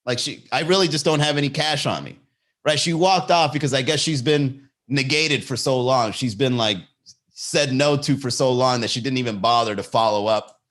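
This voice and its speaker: A man hosting a comedy podcast, telling a story in a loose monologue and jumping into high voices for the people in it. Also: normal speed. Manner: animated, jumps into high-pitched impressions of people in his stories.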